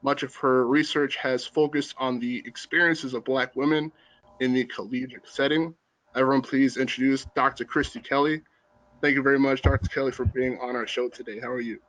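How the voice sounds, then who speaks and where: A man's voice: mid-range voice, steady tone, brisk, a bit bright, no echo, low-quality recording. A young man hosting a student panel over a video call, introducing guests earnestly and politely. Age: young adult. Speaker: student host. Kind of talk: hosted panel talk.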